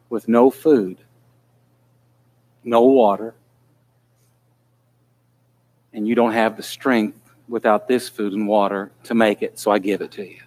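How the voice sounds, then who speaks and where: A preacher voicing a stern, caring divine voice. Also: male voice, medium pitch, darkish tone, close to an everyday voice. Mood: commanding. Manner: questioning, reproachful.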